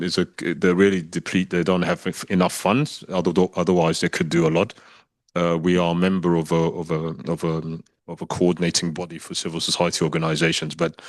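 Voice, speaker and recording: A man's voice: low voice, dry recording. A man answering on a panel discussion, hesitant with frequent restarts.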